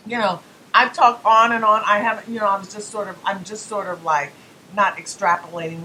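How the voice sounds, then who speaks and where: A woman hosts her own political talk radio show, talking straight to listeners in a mid-pitched voice. She leans on emphasis and rhetorical questions, slipping into folksy asides. A faint rumble sits under the recording. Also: fairly even intonation, brisk, sharp tone, low-quality recording.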